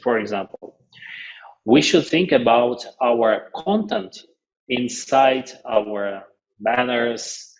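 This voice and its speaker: Man, webinar presenter, slow, non-native phrasing, frequent restarts, muffled lo-fi call audio. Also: medium pitch.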